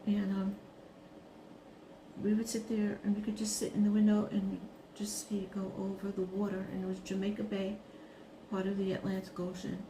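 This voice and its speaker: A woman from Brooklyn, talking casually as a craft vlogger, reminiscing and then turning animated. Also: mid-range voice, moderate pace, echoey room, noisy background. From Brooklyn, New York. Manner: chatty, reminiscing, rises to animated scolding. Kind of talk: casual monologue while crafting.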